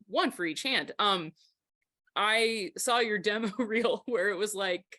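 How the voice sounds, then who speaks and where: A woman hosts a podcast interview in a casual, chatty way, full of enthusiasm and quick laughs. Her voice is bright and forward. The sound is close and dry. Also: mid-range voice, no echo. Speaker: podcast host.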